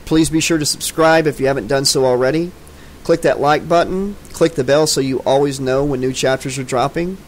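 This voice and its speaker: A man narrating a horror audiobook in a steady reading voice, then chatting in a laid-back way. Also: medium pitch, brisk, slight background noise, rough recording.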